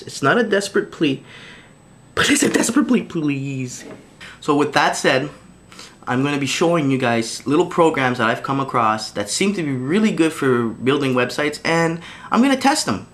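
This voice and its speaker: A man's voice: fairly high pitch, a bit bright. A man recording a video diary straight to camera, talking in an earnest, pleading way, full of restarts and fillers. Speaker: vlogger.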